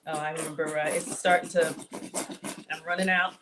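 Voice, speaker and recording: This woman's voice sits low, with a level tone and a moderate pace, and there is background noise. She hosts a casual cooking livestream, chatting with viewers about her food, reading their comments, and saying "y'all."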